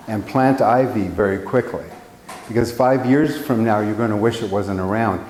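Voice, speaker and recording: A man's voice: mid-range voice, darkish tone. Chatty older man in an echoey hall. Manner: chatty, self-mocking, rambling with restarts. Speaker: painting teacher. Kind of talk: casual talk to a live class. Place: room with a small live audience. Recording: echoey hall with faint noise.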